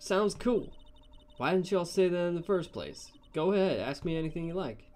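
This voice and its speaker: A man voicing a brash, loud Southern woman photographer with a drawling accent and folksy, pushy talk. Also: high voice, expressive, normal speed, slight background noise, voice pushed up.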